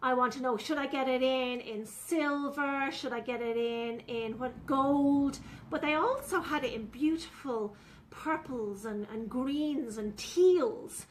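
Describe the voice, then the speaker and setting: A woman's voice: sits high, takes it slowly, a little hiss or hum. A woman, chatting through a live furniture painting demonstration and talking to viewers as she works. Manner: chatty, talks viewers through each step.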